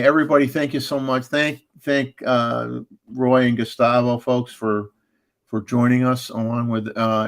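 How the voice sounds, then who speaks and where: A man's voice: mid-range voice, vocal fry. A man hosting a casual livestream chat, rambling with lots of fillers and restarts and chuckling often. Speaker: livestream host.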